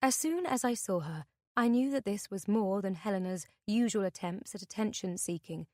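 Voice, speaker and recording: A woman reading a thriller audiobook in the first person, with a tense, measured delivery. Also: mid-range voice, animated, a little mellow, no echo, clean studio sound. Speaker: audiobook narrator. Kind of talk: scripted narration.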